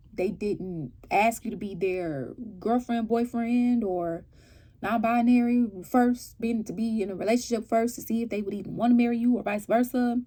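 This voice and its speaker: Woman reading tarot cards, a bit high, mellow voice, keeps saying right? okay?. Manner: animated, checks in often with "right?" and "okay?"; exasperated rhetorical questions. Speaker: tarot reader. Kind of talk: casual tarot reading to viewers.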